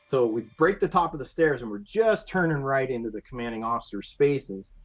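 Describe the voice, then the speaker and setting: A man guest on a podcast, telling a long story in an animated, rambling way full of fillers. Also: mid-range voice, a little fast. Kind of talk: casual anecdote telling. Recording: dull lo-fi podcast audio with faint music.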